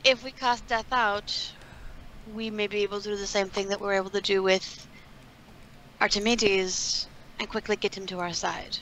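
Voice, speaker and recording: A woman's voice: mid-range voice, fairly even intonation, moderate pace, fairly bright tone, a little hiss or hum, rough recording. A woman playing a tabletop game, eagerly planning moves and rolls. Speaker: player. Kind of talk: casual game-night chat.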